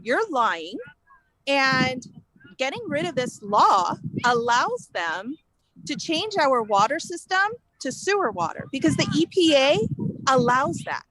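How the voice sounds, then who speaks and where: A woman from California, a guest telling her story in an animated, indignant way and acting out the exchanges she quotes. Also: sits high, rough recording. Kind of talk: casual interview storytelling.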